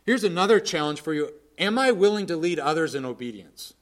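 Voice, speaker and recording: A man preaching a sermon in an earnest, plainspoken way, swinging from forceful emphasis to quiet asides. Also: fairly high pitch, animated, brisk.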